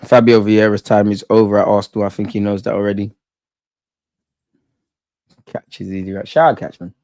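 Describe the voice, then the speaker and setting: Guy doing live footy fan commentary, excitable and slangy, dry close sound. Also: lowish voice, fairly quick, no room sound. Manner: excitable, chatty, slangy banter. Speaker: football watch-along host.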